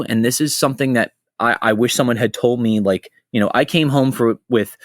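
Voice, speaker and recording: A middle-aged man hosting a casual podcast, telling stories in an animated way, swearing freely and jumping between tangents. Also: mid-range voice, fairly quick, dry recording, studio quality. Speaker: podcast host.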